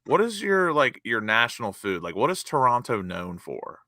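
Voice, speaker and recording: A man's voice: mid-range voice, big pitch swings, moderate pace, sharp tone, no echo, clean studio sound. A man in casual chat, easygoing, asking curious questions and explaining things at length.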